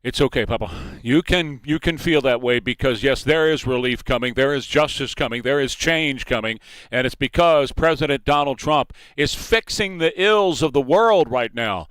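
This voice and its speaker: A man's voice: mid-range voice, moderate pace, a bit bright, smooth, dry recording. A man hosting a morning talk radio show, enthusiastic and partisan, laughing often on a studio microphone.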